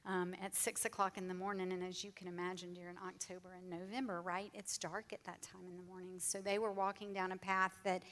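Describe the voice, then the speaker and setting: A woman's voice: fairly low pitch, flat delivery, fairly quick, few pauses, a bit bright. A woman sharing her faith testimony with an audience, speaking earnestly and from the heart, sometimes dropping almost to a whisper. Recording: long hall reverb.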